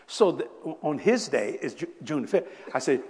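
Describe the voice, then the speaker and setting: Animated older man preaching in a hall. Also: a little high, moderate pace. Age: 70s. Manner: animated, laughing, bursts of shouting. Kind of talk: sermon with personal storytelling. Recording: echoey hall.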